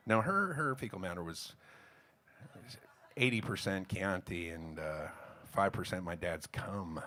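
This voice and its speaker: A singer-songwriter telling crude, rambling comic stories between songs at a small live music venue. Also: male voice, deep voice, lively intonation, measured pace, sharp tone, a little hiss or hum. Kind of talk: live concert singing and comic stage banter. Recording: live concert mix with guitar.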